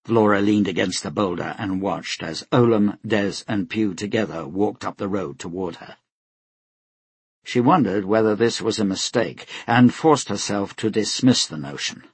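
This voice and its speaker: A man narrating an audiobook in a steady, measured storytelling voice. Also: lowish voice, breathy edge, dry recording. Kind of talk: scripted narration.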